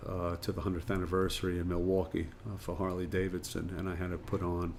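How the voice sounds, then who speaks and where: A man's voice: deep voice, completely flat delivery, fast talker, darkish tone, a little hiss or hum. A man being interviewed, a retired firefighter and pub owner, chatting through anecdotes with plenty of fillers. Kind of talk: casual storytelling interview.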